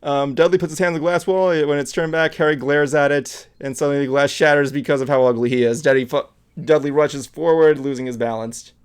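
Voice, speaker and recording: A man's voice: on the high side, steady tone, a little fast, hardly any pauses, clear, resonant tone. A man hosting a casual podcast, narrating a script read with lots of fillers and laughs. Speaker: podcast host.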